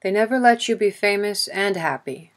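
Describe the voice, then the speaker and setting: A woman reading a novel aloud, voicing a confident young male prince who speaks boldly and playfully in soft, intimate tones. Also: mid-range voice, lively intonation, moderate pace, pitched above the performer's own voice, close to an everyday voice.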